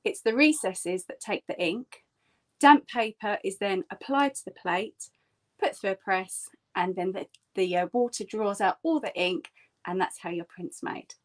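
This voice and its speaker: A woman, a print artist, giving a friendly and explanatory online printmaking lesson. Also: measured pace. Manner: chatty and explanatory, with bright lifts in pitch. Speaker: print artist teaching a workshop. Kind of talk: friendly online craft tutorial.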